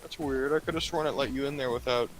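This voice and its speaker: A man's voice: mid-range voice, fairly even intonation, fast, music in the background, low-quality recording. Sleepy man explaining game rules. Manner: explains game mechanics with frequent fillers. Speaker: co-host of a game stream. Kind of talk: casual gaming chat.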